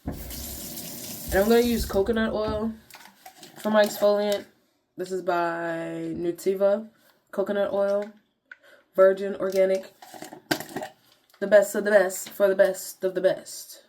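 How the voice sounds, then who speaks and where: A woman's voice: medium pitch, flat delivery, takes it slowly, long pauses, a little mellow, slight background noise. A young woman vlogger chatting casually to viewers in slangy talk while walking through her skincare routine. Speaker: beauty vlogger.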